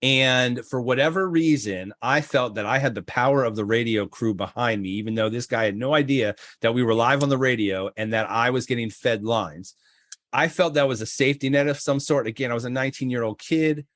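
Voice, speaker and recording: A middle-aged man from Florida, a podcast guest telling a story with lively acted-out quotes, jumping into high voices for the other people in it. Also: a little fast, no room sound, clean studio sound. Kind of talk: animated storytelling.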